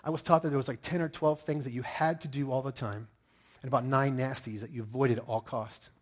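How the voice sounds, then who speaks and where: Husky-voiced animated preacher man. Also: mid-range voice, brisk. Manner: animated storytelling with sudden loud outbursts. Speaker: pastor. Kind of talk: sermon.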